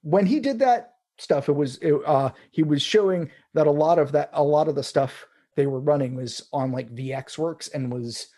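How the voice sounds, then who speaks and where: A man's voice: fairly high pitch, normal speed, few pauses, warm tone. A man hosting a casual tech chat, rambling with restarts and fillers. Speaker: podcast host.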